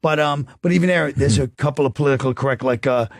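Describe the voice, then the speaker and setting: A man's voice: mid-range voice, quick pace, no room sound. An American man, a comedian guest on a podcast, telling rambling stories with laughs and restarts. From United States. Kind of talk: casual comedy podcast chat.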